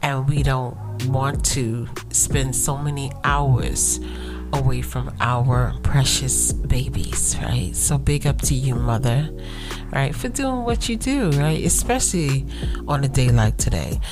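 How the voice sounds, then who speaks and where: A woman's voice: extremely low pitch, takes it slowly, over music. A woman hosting her own podcast in a chatty, affirming way, often asking her listeners "right?", sounding tired. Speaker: podcast host. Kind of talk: casual solo podcast talk.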